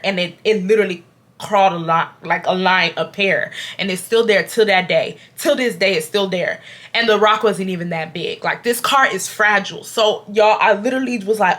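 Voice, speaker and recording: A woman in her twenties from Houston, Texas, telling a storytime to her viewers in an animated, casual way and acting out loud quotes. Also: medium pitch, normal speed. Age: 20s. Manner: addresses viewers as y'all. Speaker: storytime vlogger.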